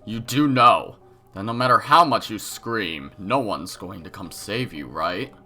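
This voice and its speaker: A man's voice: on the low side, expressive, measured pace, pushed and bright, soft background music, full character voice. A man with a cold voicing a creepy, menacing young male villain in a game reading, with sinister laughs. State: has a cold.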